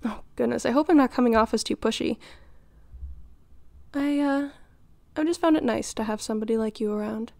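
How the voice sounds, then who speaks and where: Giggling and stopping in flustered pauses, a woman performs a doting, flirty middle-aged mother in an audio role-play, nurturing and teasing by turns. She speaks at a fairly high pitch with vocal fry and a darkish tone, and there's no echo.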